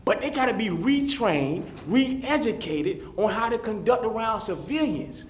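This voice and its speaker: A man's voice: sits high, animated, unhurried, a little hiss or hum. A man giving a fervent, repetitive public comment that speaks straight to the officials. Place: city meeting chamber. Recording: roomy echoey chamber.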